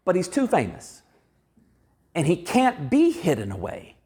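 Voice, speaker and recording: Lively high-voiced male preacher. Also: measured pace, breathy edge. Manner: conversational, animated, acts out quoted voices. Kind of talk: sermon. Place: church sanctuary.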